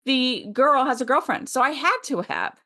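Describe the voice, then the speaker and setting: A woman's voice: high-pitched, animated, moderate pace, bright, forceful tone. A middle-aged woman co-hosting a podcast, chatting casually and rambling with lots of fillers and laughter. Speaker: podcast co-host. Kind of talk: casual chat.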